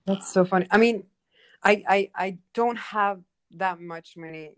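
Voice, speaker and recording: A woman's voice: mid-range voice, measured pace. A young woman artist of Kurdish background talking casually and expressively, with many fillers. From Kurdish family background. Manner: animated, expressive, lots of fillers. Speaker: art teacher and painter. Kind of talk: casual conversation.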